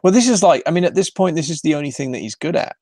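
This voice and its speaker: A man's voice: fairly high pitch, lively intonation, rapid-fire, darkish tone, no room sound. A man hosting a podcast in casual film chat, enthusiastic and swearing freely, often restarting his sentences. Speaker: podcast host.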